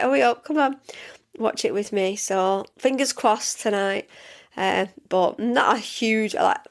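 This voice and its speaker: A middle-aged woman hosting her own podcast as a coach, chatting in a rambling, enthusiastic way full of fillers and restarts. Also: vocal fry. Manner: enthusiastic, jumps up in pitch when excited. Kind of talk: casual solo podcast chat.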